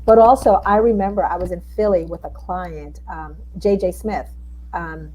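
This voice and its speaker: A middle-aged woman, a guest telling stories in a casual interview chat, animated and acting out the people she quotes. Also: on the low side, normal speed, husky, low-quality recording. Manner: animated storyteller, acts out quotes.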